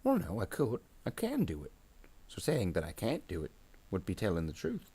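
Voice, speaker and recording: A man's voice: on the low side, huge pitch swings, moderate pace, dark tone, husky, exaggerated voice. A man voicing a timid little male grot servant, who answers nervously and stammers. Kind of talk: improvised comedy skit while painting.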